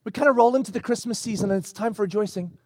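A middle-aged male pastor preaching, telling a personal story with lively, acted-out bits. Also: high voice, very fast, no room sound, studio quality. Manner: animated storytelling with acted-out quotes. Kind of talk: sermon. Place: church.

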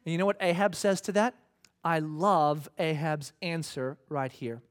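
A man's voice: fairly high pitch, steady tone, unhurried. A man preaching a sermon in a conversational, humorous storytelling manner.

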